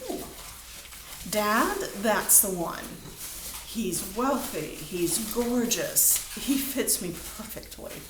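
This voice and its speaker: A vain, fussy young chief's daughter, as a woman puts her on, breathy and airy, her voice slipping into half-whispers. The sound is roomy, with a faint hiss behind. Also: medium pitch, expressive, very slow. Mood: gushing. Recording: roomy room, faint background noise.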